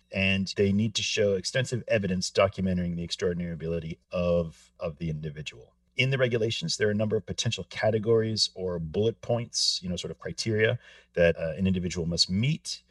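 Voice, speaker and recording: Deep-voiced man, mic set back. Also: no room sound, distant mic. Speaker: podcast co-host. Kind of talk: casual podcast discussion.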